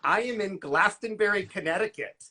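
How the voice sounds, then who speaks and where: A man hosting a casual phone livestream, excitable and gushing as he rambles on. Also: high voice, normal speed. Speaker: livestream host.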